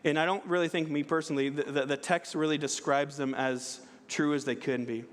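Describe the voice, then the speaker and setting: A man's voice: fairly high pitch, fairly even intonation, a little fast. A male pastor preaching a sermon in a conversational way, often asking "right?" and restarting his phrases, in a church sanctuary. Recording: long hall reverb.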